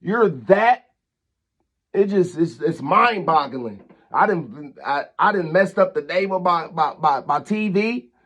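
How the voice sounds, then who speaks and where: A man, his voice sitting fairly high, vents at length in a vlog rant. He scolds and repeats himself, heated and insistent as he talks straight to camera. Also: animated, slow pace, fairly bright tone. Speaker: channel host.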